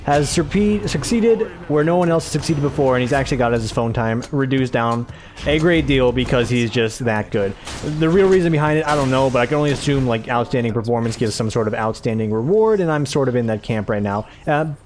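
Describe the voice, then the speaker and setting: A man's voice: medium pitch, expressive, brisk, darkish tone. A man hosting a gaming video, giving casual let's-play commentary with rambling, self-mocking asides.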